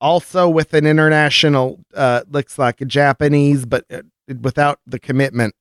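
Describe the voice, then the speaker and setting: A man's voice: fairly high pitch, fairly even intonation, moderate pace, smooth, dry recording, studio quality, natural voice. A man playing a folksy, dotty woman co-hosting a candy show, rambling in a sing-song way. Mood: chatty. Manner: sing-songy, rambling, whimsical. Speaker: co-host. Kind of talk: comedic character banter.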